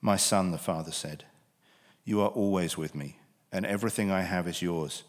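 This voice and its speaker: A man's voice: deep voice, moderate pace, natural voice. A man with a British accent voicing a forgiving older father in a scripture reading, earnest and plain. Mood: joyful, pleading. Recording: long reverb of a large hall.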